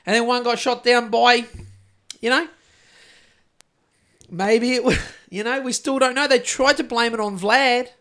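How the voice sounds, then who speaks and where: High-voiced New Zealand man, rambling podcast host. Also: steady tone, unhurried, pauses often, bright, forceful tone. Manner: rambling, sweary, jokey. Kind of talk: casual chat.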